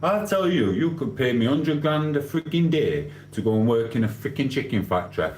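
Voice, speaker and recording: Very animated, a male livestream host reads comments and rants bluntly with cheeky swearing. His voice is mid-range with a darkish tone at normal speed, and the audio carries a roomy echo and faint hum.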